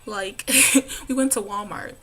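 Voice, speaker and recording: A giggly, bubbly college student in her young adult years chats in a vlog, peppering her speech with "like." Her mid-range, slightly bright voice takes things slowly.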